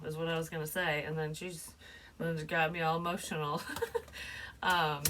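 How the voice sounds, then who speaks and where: Low-voiced woman giving a chatty psychic reading. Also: level tone, normal speed, a bit bright, a little hiss or hum. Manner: chatty and loose, laughs often, swears. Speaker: psychic reader. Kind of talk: casual spoken psychic reading.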